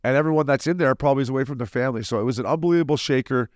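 A man in his forties, a former hockey player co-hosting a podcast, telling stories in a lively, casual way and acting out quotes. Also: mid-range voice, dry recording, studio quality. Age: 40s. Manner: fast, animated storyteller who acts out quotes. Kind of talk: casual storytelling chat.

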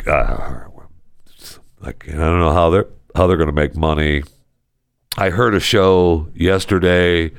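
A man's voice: sits low, slow, creaky, pauses often, clear, resonant tone, dry recording, clean studio sound. A man hosting a talk show, ranting in a casual, sarcastic and exasperated way. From United States.

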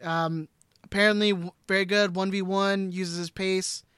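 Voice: mid-range voice, fairly even intonation, normal speed, fairly bright tone, smooth, no echo, clean studio sound. A co-host on a casual soccer podcast who talks hesitantly, with lots of fillers and restarts.

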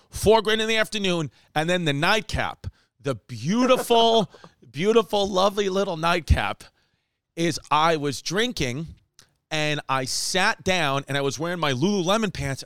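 Telling a meandering funny story, this comedian speaks quickly and energetically, voicing the characters he quotes and slipping in Spanish asides. The pitch sits somewhat high, with a smooth, clear quality. Sound is close and completely dry.

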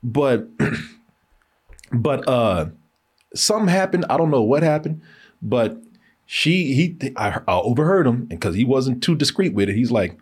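A man's voice: medium pitch, big pitch swings, measured pace, darkish tone, slightly rough. A man co-hosting a casual chat, telling a long story with profanity, laughter and acted-out quotes. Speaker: podcast co-host.

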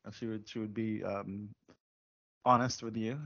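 Man, gravelly, expressive pitch, host, dry muffled sound. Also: normal speed, dry recording. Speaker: host leading the remembrance. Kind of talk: casual moderated remembrance.

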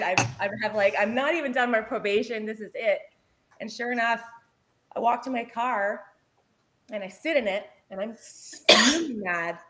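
Laughing, lively woman paramedic. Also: on the high side, a little hiss or hum. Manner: lively, laughs through her story. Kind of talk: casual storytelling chat.

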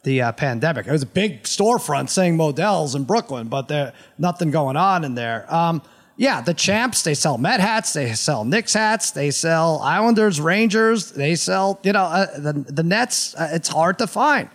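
A man's voice: fairly high pitch, lively intonation, moderate pace. A man co-hosting a sports podcast, chatting casually and rambling with fillers and restarts. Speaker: podcast co-host.

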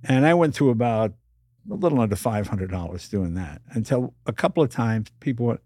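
An older man tells stories in an interview, acting out the voices of people he met. His pitch swoops up and down as he goes. The sound is dry and close. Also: fairly quick, dry recording. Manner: animated storyteller acting out voices. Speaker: guest. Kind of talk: storytelling interview.

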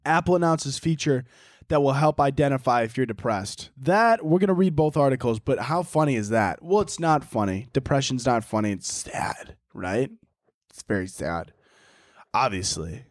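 A man's voice: medium pitch, lively intonation, moderate pace, dry recording, clean studio sound. A young man hosting a solo podcast, rambling casually, swearing often and laughing at his own jokes. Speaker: podcast host.

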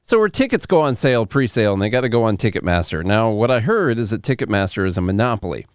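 A man's voice: on the low side, big pitch swings, fast, clean tone, no echo, studio quality. A man in his thirties with a Southern US accent, hosting a casual podcast chat in a joking, sarcastic way. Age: 30s. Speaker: podcast host.

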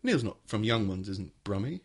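A man's voice: fairly low pitch, lively intonation, brisk, breathy edge. A man hosting a casual podcast chat, rambling, laughing and swearing freely. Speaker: podcast host.

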